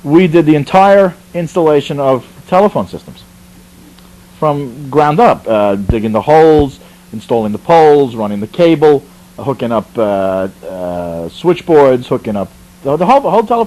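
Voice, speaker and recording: A man's voice: fairly high pitch, moderate pace, poor audio. A man from the Bronx, telling a comic story about his army training in a chatty way, full of asides and restarts. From the Bronx, New York. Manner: animated, conversational, with frequent asides and restarts.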